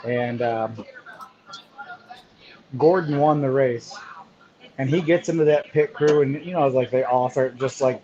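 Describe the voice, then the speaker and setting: A man co-hosting a podcast, telling a sports memory in a lively, laughing way. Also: mid-range voice. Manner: animated storyteller, laughs often. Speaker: podcast co-host. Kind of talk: casual storytelling chat. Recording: muffled lo-fi audio.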